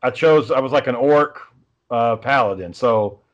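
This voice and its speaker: A man's voice: medium pitch, a little slow, muffled recording. A man telling rambling, profane stories in casual chat with friends.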